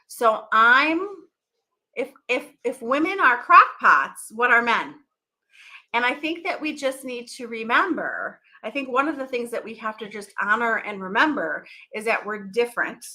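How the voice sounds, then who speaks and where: Casting: bright, higher-pitched woman, middle-aged host, rambly and chatty. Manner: chatty, rambling, quick to laugh. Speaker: podcast host. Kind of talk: casual live chat.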